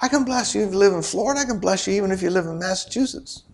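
A man's voice: sits high, very fast, slight background noise. A middle-aged man preaching a sermon in a conversational way, firing rhetorical questions at the congregation and tossing in joking asides. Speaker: pastor.

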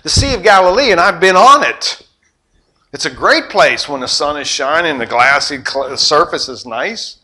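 A middle-aged pastor delivers a sermon in a high, bright voice that jumps across its whole range, sharp and forceful in tone, at normal speed. He tells the story dramatically, acting out voices and sound effects and swinging between loud exclamations and quiet asides.

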